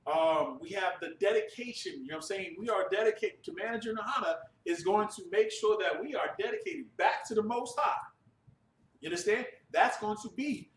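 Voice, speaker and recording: A man's voice: high-pitched, expressive, brisk, fairly bright tone. A man preaching and giving announcements to a religious class, emphatic and often checking that listeners understand. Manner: emphatic, repeats "you understand". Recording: echoey room from a distant mic.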